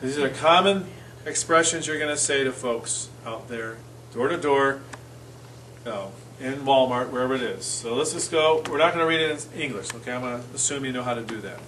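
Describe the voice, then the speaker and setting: A man's voice: mid-range voice, animated, a little fast, fairly bright tone, recorded from a distance, low-quality recording. Man leading a church class, casual and self-correcting, picked up from across the room with faint background noise. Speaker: church Spanish class teacher. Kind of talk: informal classroom lesson.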